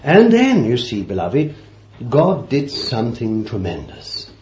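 A man preaching a sermon, swinging from loud declarations to hushed asides and repeating phrases for emphasis. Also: mid-range voice, wildly swooping pitch, slow pace, slight background noise. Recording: roomy, dull old sermon tape.

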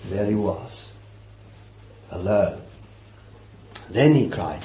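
Roomy old sermon tape, preacher. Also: male voice, mid-range voice, very animated, unhurried, highs cut off. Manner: dramatic swings from loud to hushed, repeats for emphasis.

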